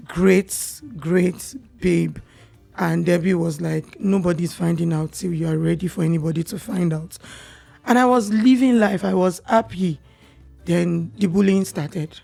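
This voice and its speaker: A young Nigerian woman, a podcast guest, telling her personal story in a candid, animated way. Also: on the low side, creaky.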